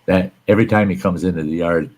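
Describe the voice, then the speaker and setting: A man with a very low voice hosts a casual live stream chat. He tells rambling, folksy stories and swears mildly now and then. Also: fairly even intonation, fast, a little mellow, rough recording. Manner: rambling, folksy storytelling with mild cursing.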